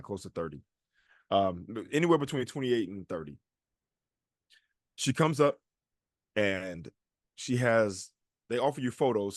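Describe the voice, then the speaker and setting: A man's voice: on the low side, a little mellow, no room sound, clean studio sound. A man co-hosting a podcast, telling a long story in a casual chat and acting out the people he quotes. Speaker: podcast co-host.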